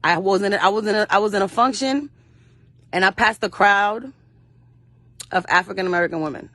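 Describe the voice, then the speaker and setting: A woman's voice: medium pitch, fairly quick, a bit bright, no room sound. Blunt, fiery woman telling stories. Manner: blunt and fiery, with frequent cursing; acts out quoted voices of her mother and others. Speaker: actress interviewed as guest. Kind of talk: passionate storytelling in an interview.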